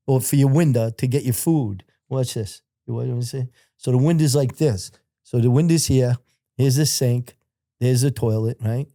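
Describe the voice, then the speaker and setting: Middle-aged male guest, mellow low tone, profane storyteller with a dead, dry sound. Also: dry recording. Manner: profane, acts out other people's shouted lines; rambling, repeats filler phrases. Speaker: podcast guest. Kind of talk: casual storytelling.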